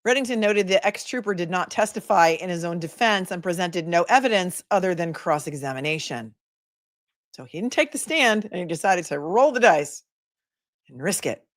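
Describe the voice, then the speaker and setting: A woman's voice: fairly low pitch, expressive, moderate pace. Chatty woman hosting a livestream. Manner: chatty, laughs often, reads viewer comments aloud. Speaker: attorney and livestream host. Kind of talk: casual livestream chat reading comments.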